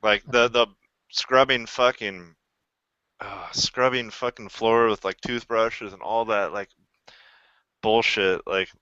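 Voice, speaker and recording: A man's voice: lowish voice, fairly even intonation, slow pace, pauses often, pushed and bright, smooth, no echo. A man and Army veteran chatting casually, rambling with many restarts and swearing freely. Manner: rambling, restarts often, profane. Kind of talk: casual chat. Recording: dull lo-fi recording.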